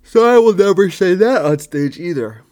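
A man's voice: sits high, lively intonation, normal speed, mellow. A young adult man, a stand-up comedian hosting his own show, rambling casually and mocking his own old jokes. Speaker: stand-up comedian and podcast host. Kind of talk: casual solo podcast monologue.

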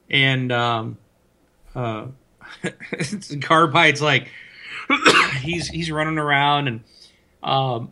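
Bright-voiced man telling a lively story. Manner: animated storyteller, voice rising high when retelling yelling. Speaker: podcast co-host. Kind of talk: casual gaming chat. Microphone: desk mic, loosely mounted.

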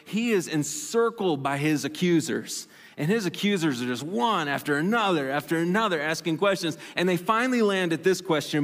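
Man, pastor, chatty animated sermon, somewhat high voice, long hall echo. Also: fairly quick. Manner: conversational and animated, with self-deprecating asides. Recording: long reverb of a large hall.

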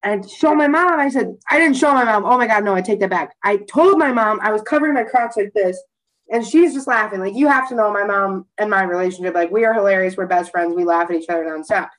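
A woman's voice: medium pitch, quick pace, low-quality recording. A young woman co-hosting a podcast, telling a rambling story in casual chat with lots of swearing and laughter. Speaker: podcast co-host.

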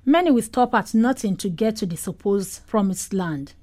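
A woman reporter reads a scripted news voice-over. Her tone is mellow and her delivery measured. She speaks at a middle pitch. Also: animated.

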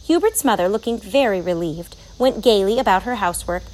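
A woman narrating a children's storybook aloud in a clear, measured way. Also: mid-range voice, animated, a little mellow, low-quality recording.

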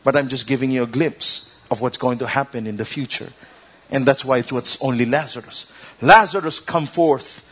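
A man preaching a sermon as a pastor, mixing English and Tagalog and building to loud, emphatic declamations. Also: mid-range voice, fairly even intonation, brisk, breathy edge. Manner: switches between English and Tagalog, rising to loud declamations when quoting Jesus.

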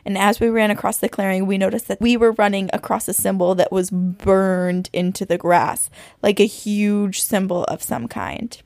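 A woman co-hosting a podcast, reading a listener's frightening story aloud with suspense and slowing down at the tense parts. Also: medium pitch, fairly even intonation, creaky, a little mellow, dry recording. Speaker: podcast co-host.

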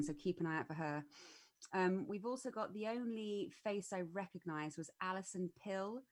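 A woman's voice: lowish voice, dry recording. A woman co-hosting a podcast, chatting with enthusiasm about a TV show's cast. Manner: chatty, enthusiastic, uses fillers. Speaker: podcast co-host. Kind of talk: casual chat about TV.

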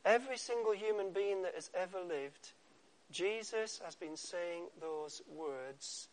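A male preacher with a fairly high voice who delivers his sermon slowly. He pauses for effect and often drops to a soft hush on key words.

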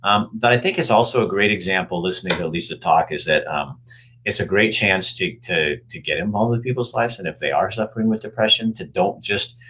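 A man hosting a casual online chat, telling stories in a chatty, animated way. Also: low-pitched, a little fast, a little hiss or hum. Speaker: host.

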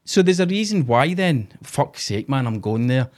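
Scottish man, podcast host, blunt and sweary, lively swooping pitch. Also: normal speed, a little hiss or hum. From Scotland. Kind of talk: casual chat.

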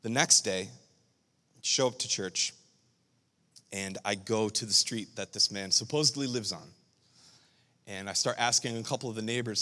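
A man who is a pastor, telling a story during a sermon with animated, emotional delivery. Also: on the low side, moderate pace, pauses often, big-room sound.

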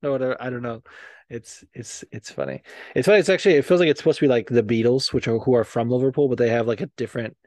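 A man's voice: mid-range voice, fast talker, a little mellow, no room sound. A man hosting a podcast in casual chat, rambling with lots of swearing and filler words. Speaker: podcast host.

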